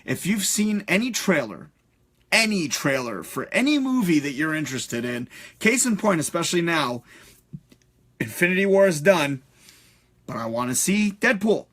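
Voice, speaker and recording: A man hosting a live stream, ranting in a profane, animated way with many fillers. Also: a little high, moderate pace. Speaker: host.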